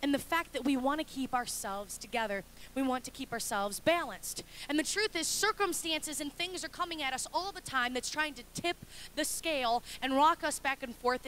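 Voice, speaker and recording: A young adult woman pastor preaching a sermon with animated, humorous storytelling. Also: high-pitched, a little hiss or hum.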